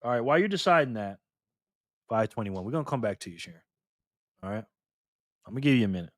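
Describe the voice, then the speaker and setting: A middle-aged man hosting a casual live stream, lively and teasing, laughing often as he reacts to chat. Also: medium pitch, fast talker, no room sound, clean studio sound.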